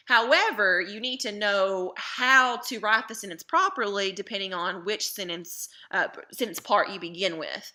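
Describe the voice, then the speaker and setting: A woman teacher explaining a grammar lesson, slow and patient, stressing the key terms. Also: medium pitch, pushed and bright.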